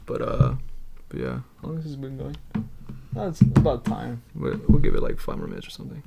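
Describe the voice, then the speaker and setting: A young man chats loosely on a podcast, spinning rambling anecdotes full of laughs and curse words. His voice sits in an ordinary middle range with a gravelly, creaky edge. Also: mid-range voice, a little fast, very noisy. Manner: rambling storytelling, laughs often, swears a lot. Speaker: podcast co-host. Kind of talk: casual chat.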